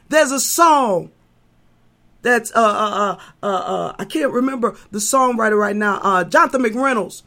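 A woman preaching a sermon, moving from hushed talk to shouting, repeating herself and stumbling over fillers. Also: on the high side, measured pace. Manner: impassioned, swings from hushed to shouting.

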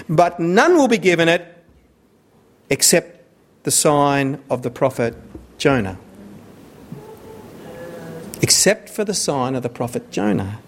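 A man preaching a sermon, earnest and repeating phrases for emphasis. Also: on the high side.

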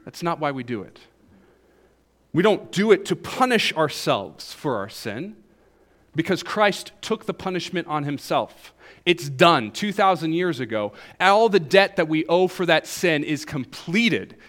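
Southern guy preaching, highish voice that swings all over, joking with the room. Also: unhurried. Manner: animated, jokes with the congregation. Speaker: pastor. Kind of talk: sermon.

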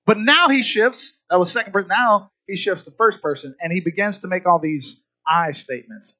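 Male pastor, sermon, conversational, high voice, dull muffled recording. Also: normal speed, pushed and bright, dry recording. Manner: conversational, prompts listeners to fill in words.

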